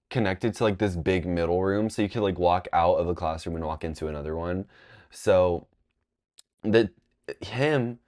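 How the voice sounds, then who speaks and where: Young man with a low voice, rambling. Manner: rambling, filler-heavy storytelling with lots of "like"; jumps into high, loud voices when quoting people. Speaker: vlogger. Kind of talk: casual storytime monologue.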